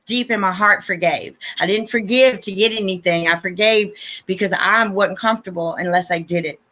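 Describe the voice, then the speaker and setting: A woman's voice: medium pitch, moderate pace, sharp tone. A woman hosting a live panel stream, chatting casually and emotionally about spiritual growth and talking straight to her viewers. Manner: effusive and emotional; addresses viewers as "you guys".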